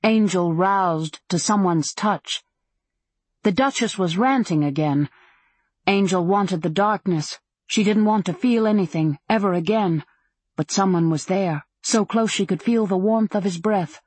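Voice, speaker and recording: Woman reading a novel aloud, steady and measured, husky breathy voice, dry close sound. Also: mid-range voice, no room sound. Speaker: audiobook narrator. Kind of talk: scripted narration.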